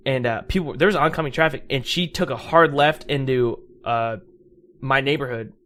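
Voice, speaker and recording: A young man co-hosting a casual podcast chat, talking haltingly with many restarts and fillers. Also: medium pitch, fairly bright tone, a little hiss or hum. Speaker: podcast co-host.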